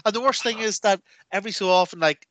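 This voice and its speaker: A man co-hosting a podcast, telling rambling, animated stories in casual chat with lots of fillers. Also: high voice, fast talker, no echo. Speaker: podcast co-host.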